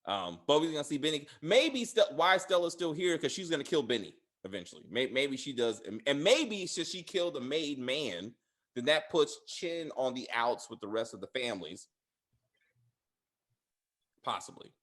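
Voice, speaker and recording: A man talks casually as a podcast host, his pitch swinging up and down in a lively way. He rambles, stumbles over his words and fills gaps with lots of ums and uhs. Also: moderate pace. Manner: rambling, many fillers and restarts; laughs loudly and high. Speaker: podcast host reviewing a TV series. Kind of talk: casual chat.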